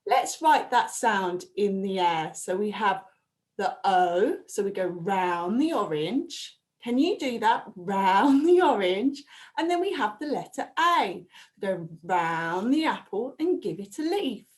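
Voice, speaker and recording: A woman teaching a phonics lesson to a reception class, sounding out letters slowly and speaking with animated exclamations. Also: mid-range voice. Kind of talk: phonics lesson for young children.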